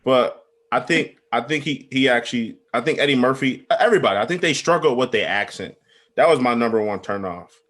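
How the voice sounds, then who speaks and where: A man's voice: mid-range voice, lively intonation, brisk, a bit bright. A man co-hosting a casual sports podcast, talking in a laid-back, hesitant way. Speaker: podcast co-host. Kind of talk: casual chat.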